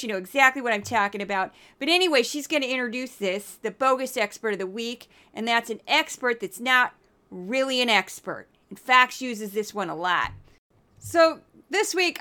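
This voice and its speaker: Woman podcast host, bright, somewhat high voice, sarcastic political commentary. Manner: sarcastic, animated and opinionated.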